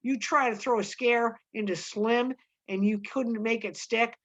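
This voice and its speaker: A woman reading the lines of a gruff, blunt ranch hand with scornful delivery. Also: fairly high pitch, fairly even intonation, a little slow, lo-fi sound.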